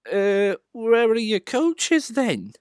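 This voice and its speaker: A man's voice: high voice, wildly swooping pitch, very slow, clean tone, no echo, clean studio sound, pitched above the performer's own voice, full character voice. A man doing a blunt railway signalman. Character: brisk adult male railway signalman.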